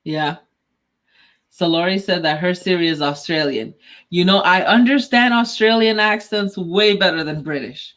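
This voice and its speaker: A woman co-hosting a tech podcast in casual chat, talkative and quick to laugh, acting out the lines she quotes when telling a story. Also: lowish voice, a bit bright. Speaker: podcast co-host.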